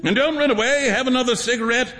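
A man voicing a jovial, teasing upper-class gentleman painter in a story reading. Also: extremely high pitch, fast, big-room sound, pitched above the performer's own voice. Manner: hearty, teasing, laughing.

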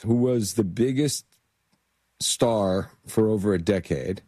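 A man's voice: fairly low pitch, slow, warm tone, no room sound. A man being interviewed as an actor guest, telling stories in a rambling way with many fillers and restarts. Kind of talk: casual interview storytelling.

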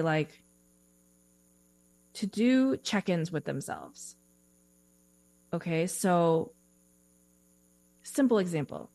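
A woman's voice: lowish voice, darkish tone, no echo. A woman career coach talking casually as an interview guest, explaining with examples and laughing easily.

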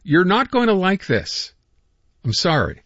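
A man hosting a radio show, quick, chatty and joking with listeners. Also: sits high, wildly swooping pitch, fairly bright tone, no echo, lo-fi sound. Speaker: radio host. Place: radio studio.

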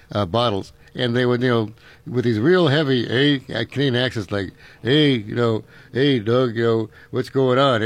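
A man's voice: medium pitch, fairly bright tone, no room sound. A middle-aged man hosting a call-in radio show, telling stories in a rambling way with frequent chuckles. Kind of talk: casual call-in radio chat. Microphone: studio microphone.

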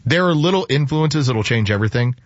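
A man's voice: mid-range voice, expressive, fairly quick, dry recording, lo-fi sound. A man co-hosting morning radio talk, dropping dry, wry asides. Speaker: radio co-host.

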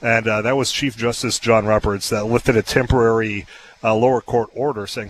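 A man's voice: on the low side, steady tone, moderate pace, a bit bright, a little hiss or hum, poor audio. A man hosting a talk radio show, chatting casually and telling stories with frequent fillers and laughs, in a radio studio. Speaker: radio host.

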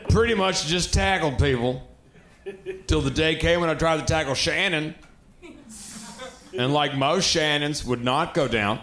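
A man doing a stand-up comedy set, animated and self-deprecating, bantering with the crowd. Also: on the high side, measured pace, pauses often. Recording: roomy club recording with a crowd.

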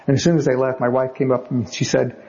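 A man's voice: mid-range voice, level tone, fast, lo-fi sound, a crowd in the background. A man who writes novels, telling anecdotes in a wry, chatty way as an interview guest. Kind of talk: anecdotal storytelling.

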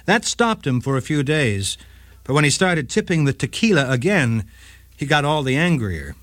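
A man's voice: medium pitch, normal speed, no room sound. A man hosting a short legal radio segment, reading a scripted case story with dramatic flair. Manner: dramatic, lively storytelling read.

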